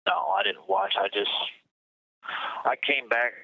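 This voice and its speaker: A man interviewed as a guest over a phone line, talking in a halting way and often repeating words. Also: lowish voice, husky, no room sound.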